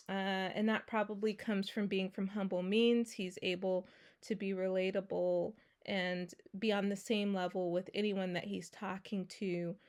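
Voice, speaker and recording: A woman hosting a podcast, giving an earnest solo introduction with pauses and filler sounds. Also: mid-range voice. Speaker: podcast host.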